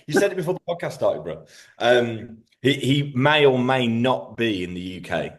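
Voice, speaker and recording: A man chatting as a podcast guest, excitable and full of slang and swearing. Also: medium pitch, normal speed. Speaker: guest, bodybuilding prep coach. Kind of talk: casual podcast chat.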